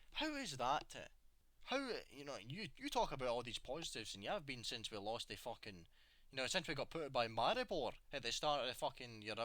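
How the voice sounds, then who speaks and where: A man's voice: mid-range voice, sharp tone, dry recording. A young man giving an exasperated, sweary rant about his football club, full of rhetorical questions. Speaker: football fan vlogger. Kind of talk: angry opinion rant.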